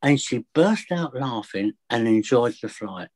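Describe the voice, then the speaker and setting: A chatty man telling stories from his work as a fear of flying coach. His pitch sits mid-range, and he acts out little bits of dialogue as he goes. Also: expressive, a little slow, a little mellow. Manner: chatty anecdotes with acted dialogue. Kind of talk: casual storytelling interview.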